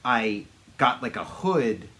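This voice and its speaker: A man co-hosting a casual podcast rambles through stories and swears freely. His medium-pitched voice is pushed and bright, expressive, and takes things slowly.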